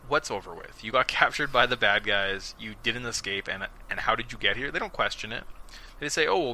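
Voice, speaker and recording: Bright, sarcastic male podcast host. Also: medium pitch, low-quality recording. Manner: sarcastic, animated storytelling with mocking quoted voices. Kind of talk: casual podcast recap.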